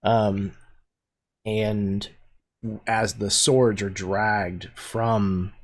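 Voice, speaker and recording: A man running a tabletop game as game master, narrating scenes in a descriptive, unhurried way with many fillers. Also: on the low side, flat delivery.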